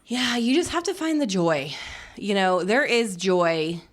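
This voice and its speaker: Lively giggly woman podcasting. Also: medium pitch, unhurried. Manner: giggly, playful teasing. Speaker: podcast co-host. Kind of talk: casual chat.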